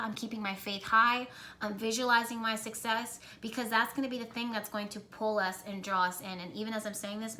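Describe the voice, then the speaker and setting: A woman's voice: medium pitch, sharp tone, slight background noise. A woman giving a casual spiritual tarot reading, earnest and encouraging, rambling with restarts, recorded on a camera mic at home. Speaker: tarot reader.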